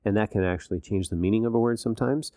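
A man's voice: on the low side, very fast, warm tone, no echo, studio quality. A man in a casual podcast chat, explaining things patiently like a teacher.

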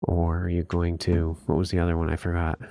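A man with a lowish voice teaches from scripture on a podcast, asking rhetorical questions and quoting verses with emphasis. The sound is dry and close. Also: monotone, brisk, creaky, warm tone, no echo.

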